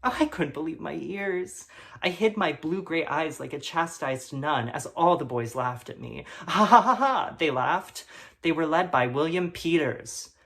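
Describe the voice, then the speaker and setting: A man's voice: fairly high pitch, measured pace, creaky. A man playing an awkward teen boy reading his fan fiction. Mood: earnest. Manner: mumbling, hesitant asides with flat earnestness. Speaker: comedy performer. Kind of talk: deadpan comic reading of melodramatic prose.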